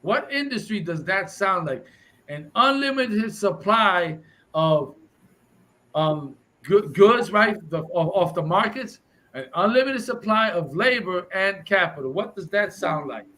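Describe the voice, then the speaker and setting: A man teaching a class, reading passages aloud and restating them forcefully in English and Spanish. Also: high-pitched, expressive, measured pace, rough recording. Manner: preachy, reads text aloud and restates it, switches between English and Spanish.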